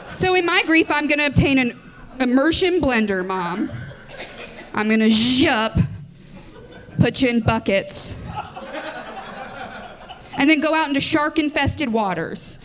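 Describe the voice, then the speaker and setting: A young woman comedian in her twenties works a club crowd into a handheld mic, and her voice sits high and bright. She rattles through her material in a self-deprecating way, breaking into little laughs and tossing questions to the audience. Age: 20s. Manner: quick, self-deprecating, giggly delivery with audience crowd work. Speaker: stand-up comedian. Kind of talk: live stand-up set.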